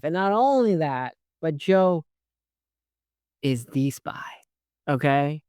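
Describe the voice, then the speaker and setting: A man's voice: fairly high pitch, animated, measured pace, darkish tone, smooth, no echo, studio quality. A man hosting his own show, giving a casual, rambling recap of a TV episode with frequent swearing. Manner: rambling, profane, conversational. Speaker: host.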